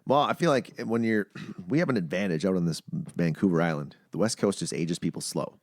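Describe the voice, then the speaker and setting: A man's voice: low-pitched, fairly quick, dry recording, studio quality. A man from Manitoba hosting a casual podcast chat, telling stories and acting out the people he quotes. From Manitoba, Canada. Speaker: podcast host.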